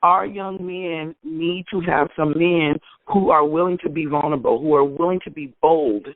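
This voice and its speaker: A middle-aged woman co-hosting a radio discussion, talking in an emphatic, heartfelt way with sudden jumps in pitch. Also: normal speed, dry recording. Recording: tinny phone-line sound, dry.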